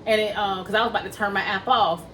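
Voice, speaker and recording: Woman, casual storytime vlogger, mid pitch, slightly distant mic, faint background noise. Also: steady tone, fast talker, a bit bright. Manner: chatty, addresses viewers as y'all, acts out quoted dialogue. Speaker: vlogger telling a personal story.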